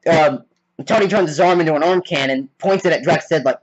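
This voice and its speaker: A man with a slightly high voice rambles excitedly through a film recap, leaning on "like" between almost every phrase. The recording sounds dull and lo-fi, as if made on a cheap mic. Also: fairly quick. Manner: rambling, heavy on "like" fillers; excitable fan. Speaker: movie reviewer. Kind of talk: casual spoiler recap.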